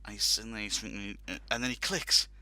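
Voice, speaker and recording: A man telling a story on a casual talk show. His voice is very bright and crisp. It is recorded close and dry, with no room sound. He rambles animatedly, with laughs and quoted lines. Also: fairly low pitch, quick pace, no echo. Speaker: podcast host telling a story.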